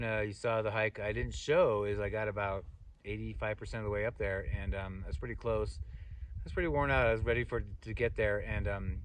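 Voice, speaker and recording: A middle-aged man talks quickly in a lowish voice, rambling through a trail story with lots of "uh"s and restarts. He sits a little way off from the mic, so he sounds slightly distant. He is a hiking vlogger speaking casually to his viewers. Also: noisy background. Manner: rambling, animated retelling with many fillers and restarts. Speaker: thru-hiker vlogger. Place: outdoors on a mountain trail.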